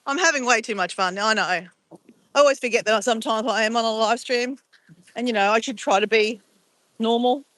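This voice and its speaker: A middle-aged woman live-streaming from her phone, her voice fairly high and bright, swooping up and down with playful delight. The sound is close and dry. She chats casually to her viewers and exclaims at whatever she finds. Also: brisk, no room sound, low-quality recording. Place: outdoors near a beach.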